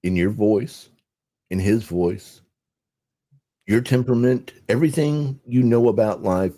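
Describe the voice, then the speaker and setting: An older man and podcast guest, explaining in a measured way that often trails off softly. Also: lowish voice. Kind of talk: casual podcast conversation.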